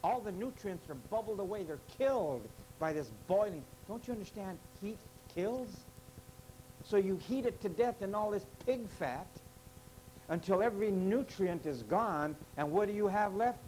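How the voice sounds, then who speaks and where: A man's voice: high-pitched, expressive, moderate pace, darkish tone, a little hiss or hum, low-quality recording. A man preaching a sermon to a congregation, emphatic and full of rhetorical questions. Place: church with parking lot.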